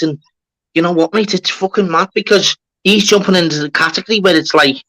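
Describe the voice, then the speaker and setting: A man hosts a live stream in casual chat, hyped and sweary. His voice is high and bright. He calls his viewers lads and mate. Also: normal speed, low-quality recording. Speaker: livestream host.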